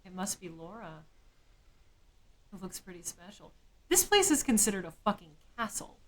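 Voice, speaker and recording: A woman's voice: medium pitch, big pitch swings, moderate pace, rough recording. A woman streamer thinking aloud during live game commentary, with musing, jokey asides.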